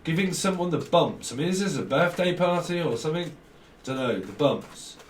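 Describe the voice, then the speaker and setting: A man's voice: on the high side, animated, moderate pace, distant mic. Rambling man, roomy and off-mic. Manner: rambling, free-associating, chuckles often. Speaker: tarot reader. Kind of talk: casual tarot reading monologue. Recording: roomy sound, off-mic, faint background hiss.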